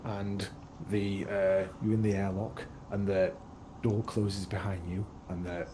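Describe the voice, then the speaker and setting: Game master, male, low voice, rambling narration, noisy background. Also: flat delivery, unhurried. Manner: loose, rambling, heavy on fillers.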